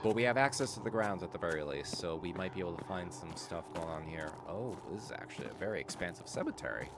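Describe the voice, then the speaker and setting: A man's voice: deep voice, expressive, quick pace, background noise. A man casually commenting on a mystery game during a live stream, chatty and wry, swearing and joking with the chat.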